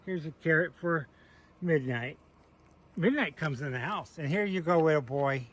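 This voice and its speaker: Man, casual farm vlog, outdoors by animal pens, sweet coaxing voice, slightly raised pitch. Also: expressive, moderate pace, a bit bright. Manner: talks sweetly to his goats in a coaxing voice. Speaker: homesteader showing his animals.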